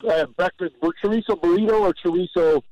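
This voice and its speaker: Speaking quickly in a high-sitting voice with a darkish tone, this Southern Californian guest on sports radio rambles and jokes through casual banter. He tells exaggerated stories and stammers into restarts, and the sound is dry and muffled.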